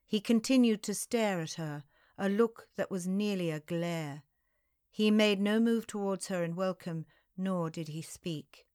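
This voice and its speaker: A woman narrating a historical novel in the first person, in a slow, unhurried audiobook reading. Her voice sits mid-range and is recorded dry and close, with no room sound. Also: mid-range voice, a little mellow, dry recording. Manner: slow, measured storytelling.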